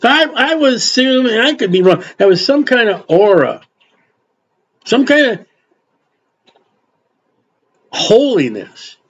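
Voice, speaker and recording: A man's voice: extremely high pitch, sing-song, slow pace, pauses often, breathy edge. An older man preaching an informal Bible sermon in a folksy way, acting out quotes and adding asides. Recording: dull lo-fi recording.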